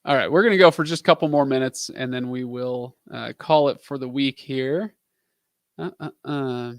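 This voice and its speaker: A man in his thirties chats his way through viewer questions on a live stream, rambling from topic to topic with plenty of fillers. His voice sits at a middle pitch. The sound is dry and close, with no room echo. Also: normal speed. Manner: chatty, rambling, with frequent fillers and asides. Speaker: livestream host answering viewer questions. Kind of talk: casual live-stream chat.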